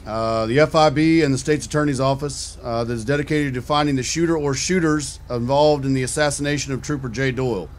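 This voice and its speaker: A man's voice: mid-range voice, a little hiss or hum. Guy streaming as a sheriff in rp, walks through cop procedure, swears when mad. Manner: measured, procedural, with profane outbursts. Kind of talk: in-character role-play and commentary.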